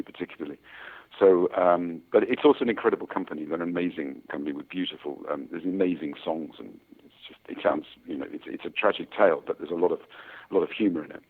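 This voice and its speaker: A man's voice: sits low, fast talker, slightly rough. A man in his sixties, an actor talking about his work in a casual interview, rambling with many fillers and restarts. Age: 60s. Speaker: actor guest. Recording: tinny phone-like sound.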